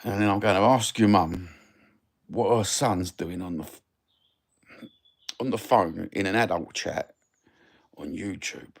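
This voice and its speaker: Deep and gravelly, this middle-aged man speaks at a measured pace with long pauses. He is a livestream host from Cockney London, chatting casually, cursing without restraint, and wandering off in a cheeky way.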